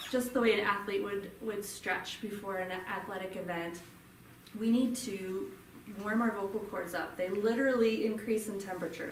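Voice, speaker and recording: A woman's voice: mid-range voice, slight background noise. A woman speech therapist leading a group voice workshop, demonstrating hums and explaining the vocal cords in a friendly way. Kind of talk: live workshop instruction. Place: room with a group. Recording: roomy, from a distance, faint ambience.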